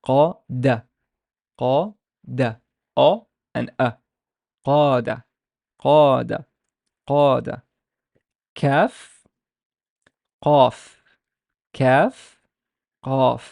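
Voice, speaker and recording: Gravelly-voiced male language teacher. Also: mid-range voice, darkish tone, no echo, studio quality. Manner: patient, repeats words, demonstrates sounds slowly. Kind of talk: explanatory lesson.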